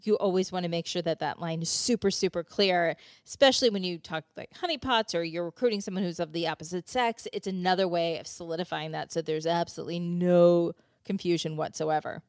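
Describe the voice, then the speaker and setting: Woman host, lowish voice, calm explainer, dry close sound. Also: brisk, few pauses, dry recording. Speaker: host, former CIA officer. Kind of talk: podcast interview.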